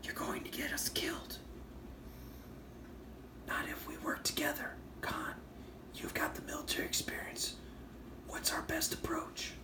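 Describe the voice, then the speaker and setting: A man putting on a high, breathy whisper to voice comic-book heroes bantering in battle, a mocking whispered role-play. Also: little pitch movement, measured pace, pauses often, recorded from a distance. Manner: mocking read of comic dialogue. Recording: roomy echo, faint ambience.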